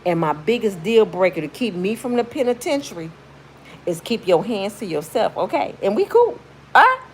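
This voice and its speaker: A mid-range female voice at a moderate pace carries this vlogger's story, with a little background noise behind it. She's animated, blunt and full of slang, putting emphasis everywhere and acting out people's words in shrieks.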